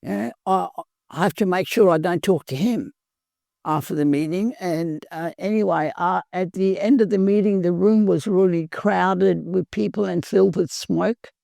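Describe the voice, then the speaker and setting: An older woman from Perth with an Australian accent, telling her recovery story in a halting, earnest way, full of pauses. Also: on the low side, gravelly, mellow, no room sound, clean studio sound. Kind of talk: personal recovery testimony.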